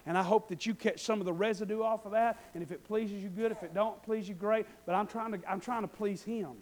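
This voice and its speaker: A man preaching a sermon, swinging between loud shouted passages and quiet folksy asides. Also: sits high.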